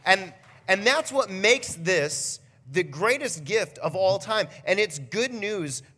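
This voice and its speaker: A young man, a pastor, giving a conversational Christmas Eve message with animated storytelling. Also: sits high, slow pace. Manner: animated storytelling, builds to near shouting.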